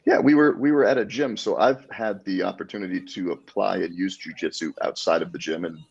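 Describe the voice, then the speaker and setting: A man talking casually as a podcast guest, an animated storyteller who acts out the people he quotes. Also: low voice, a little fast, vocal fry, slightly rough, dull audio. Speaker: guest, jiu-jitsu black belt.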